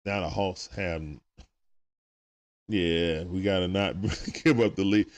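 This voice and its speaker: A man's voice: sits low, fairly even intonation, takes it slowly. A young man hosting a live stream, chatting casually with viewers and reading their comments in a laid-back, slangy way.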